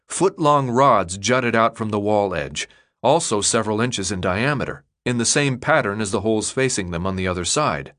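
A man narrating an audiobook in an expressive, dramatic storytelling manner. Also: mid-range voice. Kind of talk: scripted narration.

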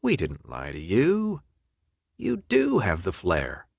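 A man's voice: low voice, huge pitch swings, takes it slowly, gravelly, dry recording, studio quality, full character voice. A man doing a cold, volatile older official. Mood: grave. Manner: clipped, swinging from quiet to shouting.

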